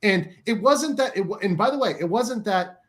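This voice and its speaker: Rambling, profane man, slightly high voice. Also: animated, moderate pace, fairly bright tone. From United States. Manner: rambling, filler-heavy, profane, keeps asking "right?". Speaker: co-host. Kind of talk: casual chat.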